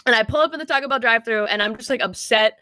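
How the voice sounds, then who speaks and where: A young woman co-hosting a podcast, telling a long story in a rambling, filler-heavy, animated way. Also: fairly high pitch, racing, dry recording. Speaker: podcast co-host. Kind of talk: casual storytelling chat.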